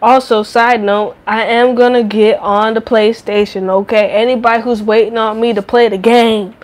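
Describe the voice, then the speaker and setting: A woman's voice: on the high side, little pitch movement, moderate pace, a little mellow, poor audio. A woman in her late twenties chatting casually on a livestream, profane and rambling, talking back to her chat. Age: late 20s.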